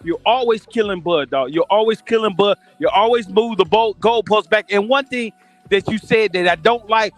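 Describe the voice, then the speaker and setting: Guy with a real high voice, coach on a call-in stream, keeps pushing his point, calls everybody dog. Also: normal speed, faint music behind. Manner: pushy, repeats his points, calls people dog and man. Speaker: guest boxing coach. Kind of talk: casual debate on a call-in stream.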